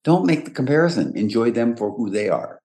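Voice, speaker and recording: A man's voice: mid-range voice, sing-song, brisk, warm tone. An older man hosting a podcast, telling stories in a chatty way and laughing often. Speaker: podcast host. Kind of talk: casual chat.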